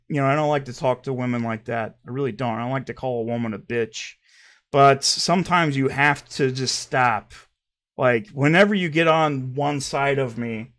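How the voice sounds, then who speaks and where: A man hosting his own commentary channel, heated and mocking, swinging between loud outbursts and quiet asides. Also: mid-range voice. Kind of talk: ranting commentary.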